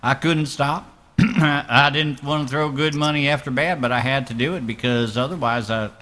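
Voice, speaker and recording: Male streamer, put-on Southern US accent, crisp forceful tone, laid-back salty poker commentary. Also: medium pitch, steady tone, normal speed. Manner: laid-back, profane, joking drawl. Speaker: streamer commentating his own poker game. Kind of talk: casual live game commentary.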